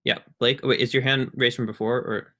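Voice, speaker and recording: Young male student presenter, bright voice, halting, filler-heavy delivery. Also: mid-range voice, little pitch movement. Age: young adult. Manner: halting, many ums and restarts. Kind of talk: casual online presentation.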